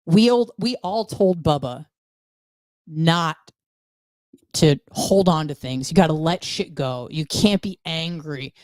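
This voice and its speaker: A woman's voice: sits low, takes it slowly, darkish tone, no echo. A woman guest on a podcast, telling her story bluntly with frequent swearing. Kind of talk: candid conversational storytelling.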